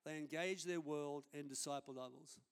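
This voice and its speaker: High-voiced pastor preaching. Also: male voice, fairly even intonation, normal speed, clean tone. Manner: conversational storytelling preaching. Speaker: senior pastor. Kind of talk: sermon. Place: church service.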